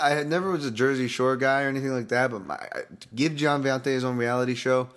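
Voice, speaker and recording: A man's voice: mid-range voice, animated, quick pace, hardly any pauses, a bit bright. A man hosting a podcast, giving casual fight-betting commentary in a rambling, profane, worked-up way.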